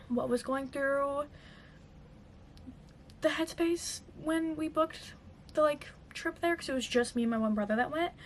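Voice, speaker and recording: A young woman with a high voice chats through a storytime for her vlog, full of "like" and filler words. The recording has a faint hiss of background noise behind her. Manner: chatty, lots of fillers and "like". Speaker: vlogger. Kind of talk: casual storytime chat.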